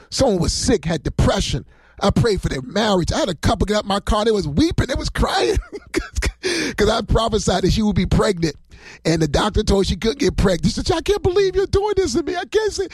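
A male pastor preaching to viewers on a livestream, talking in a slightly high voice. He rambles from story to story with heartfelt, excitable energy. The sound is close and dry, with no room around it. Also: dry recording. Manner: rambling, emotional, excitable, laughs often.

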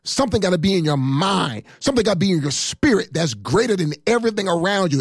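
A man's voice: high-pitched, big pitch swings, quick pace, gravelly, hardly any pauses, breathy edge. A man. The sound is dry and close, with no room echo. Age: 50s. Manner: fiery, emphatic preaching with repetition. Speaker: pastor. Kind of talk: sermon.

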